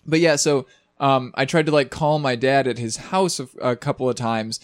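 A man with a mid-pitched voice talks in a relaxed, rambling way as a podcast co-host, often restarting his sentences. The recording is dry and close. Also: normal speed, no echo. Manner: relaxed, rambling, repeats starts. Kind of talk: casual chat.

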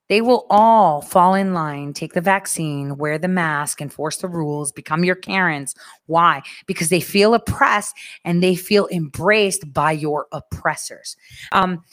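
A woman with a slightly low voice tells a story in an animated, sarcastic rant. She swears freely and acts out what the people around her said.

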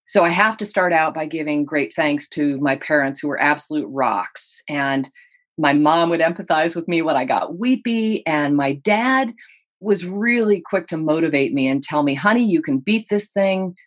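Woman telling her story, low-pitched. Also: expressive, normal speed. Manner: earnest, vivid personal storytelling. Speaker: guest, author. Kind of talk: interview storytelling.

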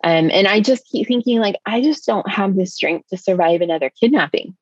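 A woman's voice: medium pitch, brisk, no room sound, lo-fi sound. A woman from the United States, a guest on an interview show, retelling a frightening personal story in vivid, breathless detail, full of "like" fillers.

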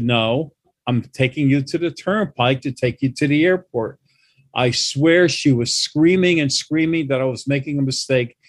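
A man, a guest on a travel talk show, telling animated stories about driving with quoted back-and-forth. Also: mid-range voice, no room sound. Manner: animated anecdotes with quoted dialogue. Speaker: guest, New York travel expert. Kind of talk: casual storytelling chat.

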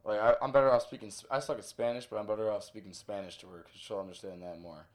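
A man's voice: lowish voice, fairly even intonation, quick pace, slight background noise. A young man in casual conversation, telling stories in a laid-back, bragging way. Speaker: guest.

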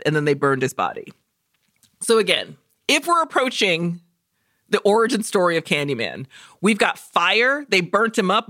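Bright, animated woman podcast co-host. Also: fairly low pitch, no room sound, studio quality. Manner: profane, animated storytelling with jokey quoted voices. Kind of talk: casual movie chat.

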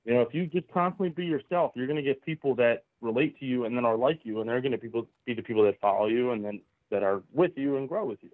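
A man's voice: medium pitch, fast, hardly any pauses, no room sound. A man from Southeast Pennsylvania, a podcast guest, talking in an earnest, rambling way with restarts and lots of "you know". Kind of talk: casual chat. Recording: tinny phone-like call line.

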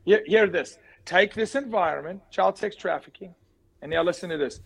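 High-voiced man speaking with force. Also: normal speed, creaky, breathy edge, low-quality recording. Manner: forceful, emphatic, repeats key words. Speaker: guest. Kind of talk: impassioned interview talk.

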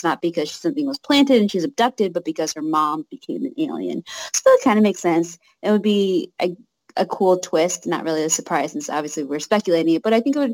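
A woman's voice: fairly low pitch, darkish tone, poor audio. A woman co-hosting a casual podcast discussion, speculating aloud with many "like"s.

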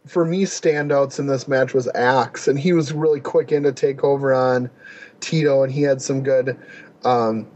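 A man's voice: fairly high pitch, darkish tone, muffled recording. A man co-hosting a casual podcast chat about wrestling, enthusiastic and rambling with fillers. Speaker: podcast co-host.

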